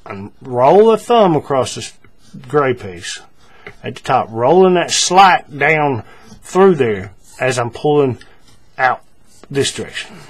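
A man walks through a paracord craft step by step in a relaxed way, often using fillers and repeating himself. His voice sits in the mid-range, slow and a bit rough.

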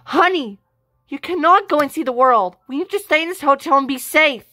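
A woman's voice: sits high, a little fast, pushed and bright, dry recording, studio quality. A woman playing a strict, scolding mom. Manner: firm, scolding. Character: strict, overprotective mother. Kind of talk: amateur home-made family drama.

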